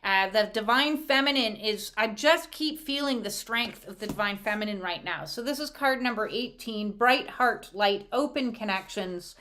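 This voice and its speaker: A woman doing a casual spiritual oracle card reading, animated, laughing often and using many filler sounds. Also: a little high, normal speed, hardly any pauses.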